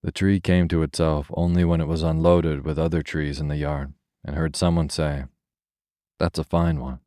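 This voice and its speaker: A man narrates a fairy tale for sleep in a calm, unhurried read. His voice sits extremely low and sounds dark and mellow. The recording is dry, with no room sound. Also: dry recording. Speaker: storyteller. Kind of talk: scripted bedtime story narration.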